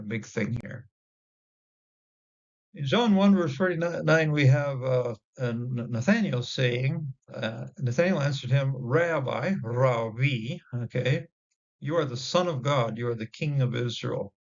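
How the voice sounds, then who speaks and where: Halting man teaching, gravelly dull recording. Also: medium pitch. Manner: halting, many fillers and restarts; sounds out Hebrew words slowly. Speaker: Bible teacher. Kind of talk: informal Bible word study.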